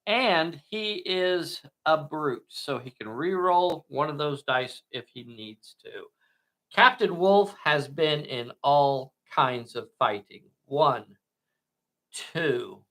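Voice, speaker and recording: A man whose first language is not English, narrating a tabletop miniatures game with slow, dramatic play-by-play. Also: on the high side, expressive, sharp tone.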